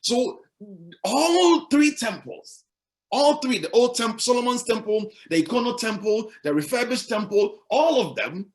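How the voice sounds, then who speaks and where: A man's voice: very high-pitched, expressive, a little slow. A male pastor preaching a sermon, emphatic and repetitive, asking the congregation rhetorical questions.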